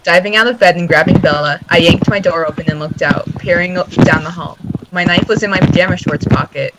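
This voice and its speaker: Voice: medium pitch, fairly quick. A young narrator reading a fan story aloud to friends, giggling and stumbling over words. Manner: giggly, stumbles and corrects itself while reading. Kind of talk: casual group reading on a voice call. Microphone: voice call mic. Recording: very noisy voice call audio.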